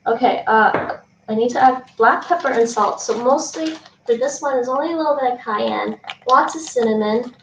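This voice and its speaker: On a live stream from her home kitchen, a young woman chats casually with chat readers as she cooks, thinking aloud and laughing often. Her voice is fairly high and her pace moderate. The mic sits at a distance, and the stream audio sounds roomy and dull, with fan noise.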